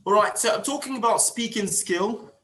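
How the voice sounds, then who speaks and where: A man's voice: high-pitched, normal speed, a bit bright, slight background noise. A man giving an emphatic online seminar lecture to teachers, repeating key phrases and acting out example lines. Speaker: teacher trainer. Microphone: video call.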